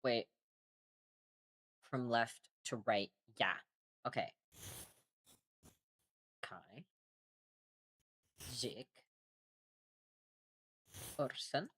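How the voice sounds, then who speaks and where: A woman with a very deep, slightly rough yet fairly bright voice drags out her words and pauses often. Streaming as she draws, she rambles casually and self-mockingly, swearing freely, and sounds tired.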